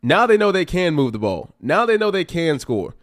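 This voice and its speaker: A man's voice: a little high, very animated, moderate pace. A young man hosting a casual live football watch stream, commenting on the game and talking back at it, climbing into exasperated outbursts. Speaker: livestream host.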